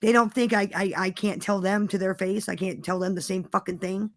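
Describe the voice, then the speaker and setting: A woman's voice: medium pitch, fairly even intonation, brisk. A woman guest telling a story in a defiant, profane way, repeating herself for emphasis. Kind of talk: casual storytelling.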